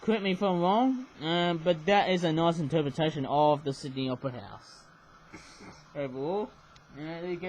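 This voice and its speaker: A man with a slightly higher than usual voice talks his way through a homemade toy review. He rambles cheerfully, loses his thread, and keeps tacking on little "eh?"s. A faint hiss of noise sits under the recording. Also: rough recording. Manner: rambling, chatty, frequent "oh my goodness me" and "eh?". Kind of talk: casual toy review vlog.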